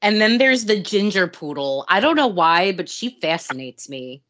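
A woman jokes bluntly and crudely about a film on a podcast. Her voice is expressive and bounces around in pitch. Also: normal speed. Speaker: podcast co-host. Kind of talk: casual film chat.

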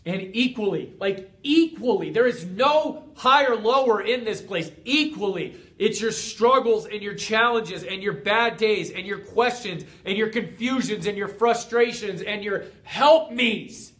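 A man's voice: sits high, measured pace, hardly any pauses, a bit bright. A man giving a fired-up motivational talk as a coach, emphatic and driving his points home through repetition. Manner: fired up, emphatic, repeating phrases for effect.

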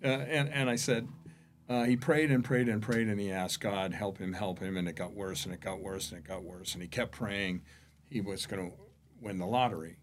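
Low-voiced man telling stories. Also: moderate pace, slight background noise. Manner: animated anecdote-teller, shifting between hushed and emphatic. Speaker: podcast guest, real estate executive. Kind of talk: conversational storytelling.

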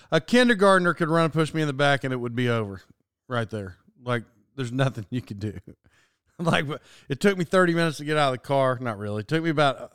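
Animated male host telling a story. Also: mid-range voice, clear, resonant tone, dry recording, clean studio sound. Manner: animated, acts out quoted dialogue. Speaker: podcast host. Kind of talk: casual storytelling monologue.

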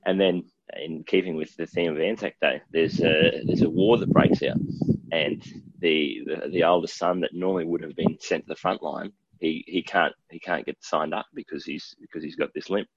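A man with an Australian accent co-hosts a podcast, chatting casually and telling stories in a laid-back, jokey manner. His husky voice sits low, steady and moderately paced, with no echo on a dull, dry lo-fi recording.

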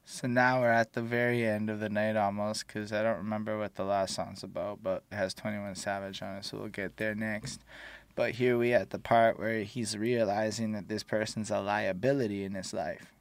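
A man's voice: on the low side, flat delivery, moderate pace, clean tone, no echo. A young man co-hosting a casual music review chat, rambling loosely with lots of filler words. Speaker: podcast co-host reviewing music.

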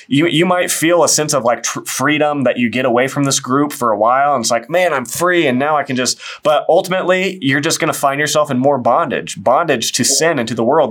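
A man's voice: medium pitch, a bit bright. A man hosting a faith-based interview in a loose, repetitive way, often acting out quoted voices. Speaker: host.

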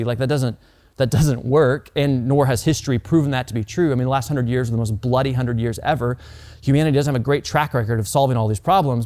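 Earnest fast-talking male pastor. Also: mid-range voice, darkish tone. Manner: conversational, earnest, many restarts and repeated words. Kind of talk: sermon.

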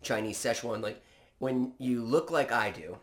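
A man telling stories in a casual chat, animated and swearing freely. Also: medium pitch, unhurried.

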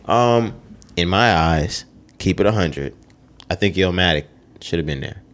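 Low-voiced guy on a podcast, opinionated, cussing, going down a list. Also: animated, a little slow, a bit bright. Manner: opinionated, swears freely, runs down a list. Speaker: podcast co-host. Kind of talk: casual chat.

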